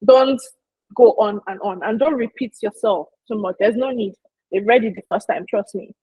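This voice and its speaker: At a normal speed, a woman with a mid-range, slightly rough voice gives a casual, emphatic marketing talk aimed right at her listeners. The recording is dry and muffled.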